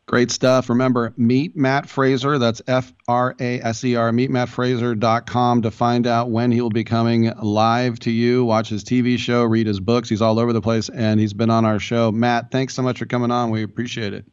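A man's voice: mid-range voice, little pitch movement, moderate pace, few pauses, smooth, no room sound, lo-fi sound. A man hosting a sports radio show, talking in a loose, chatty way with jokey asides. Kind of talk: casual talk radio interview.

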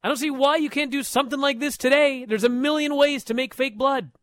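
A man hosting a talk radio show, telling a story in a lively, animated way. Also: very high-pitched, a little fast, no echo. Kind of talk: casual talk radio chat.

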